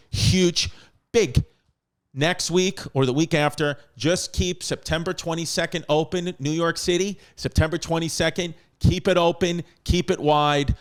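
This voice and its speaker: A man's voice: fairly high pitch, clean tone. Joking man hosting a podcast. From United States. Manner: joking, crude, rattles off tour dates. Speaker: podcast host. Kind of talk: casual podcast chat.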